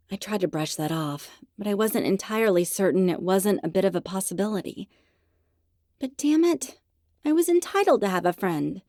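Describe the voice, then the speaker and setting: A woman's voice: lowish voice, animated, moderate pace, a little mellow, no echo. A woman narrating a first-person audiobook in a wry, self-mocking storytelling manner, close to a studio mic.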